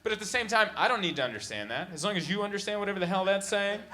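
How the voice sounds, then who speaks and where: A man in his thirties doing stand-up in a club, telling stories in an animated, exasperated way on a handheld mic. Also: high-pitched, rapid-fire. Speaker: stand-up comedian. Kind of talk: stand-up comedy storytelling. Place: comedy club stage. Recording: live club recording with background noise.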